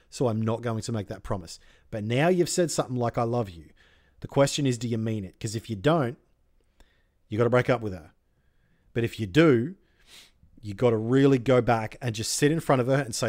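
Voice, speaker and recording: A man's voice: mid-range voice, normal speed, darkish tone. A young man hosting an advice channel, talking bluntly and directly, swearing freely as he coaches a viewer. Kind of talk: casual advice talk to camera.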